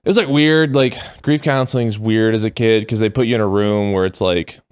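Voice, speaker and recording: A young adult man as a podcast guest, talking in a deadpan way with dry humor. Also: on the low side, fairly quick, clear, resonant tone, no echo. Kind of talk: casual podcast interview.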